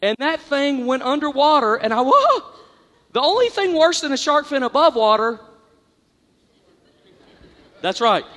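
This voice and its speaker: A man with a very high voice tells a story on stage, animated and exaggerated, swinging from loud bursts to quiet asides. His voice rings out with a long reverb through a large hall. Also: unhurried, pauses often. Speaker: comedian. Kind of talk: stand-up storytelling.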